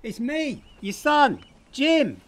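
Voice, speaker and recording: A middle-aged man playing a worried son who is blunt and quickly exasperated. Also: very high-pitched, big pitch swings, full character voice. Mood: exasperated, angry. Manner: blunt and exasperated, with a rising temper. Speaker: actor in a student short film. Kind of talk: low-budget film acting.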